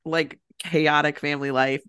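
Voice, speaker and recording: A woman's voice: low voice, little pitch movement, moderate pace, fairly bright tone, clean tone, no room sound, studio quality. A woman co-hosting a casual podcast, recapping a movie in a chatty way with lots of fillers. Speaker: podcast co-host.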